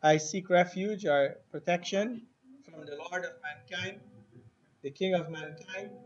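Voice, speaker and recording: A man leads a classroom language lesson in a high, unhurried voice, pausing to spell words letter by letter and repeat them. The recording sounds dull and lo-fi. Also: darkish tone. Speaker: Arabic teacher.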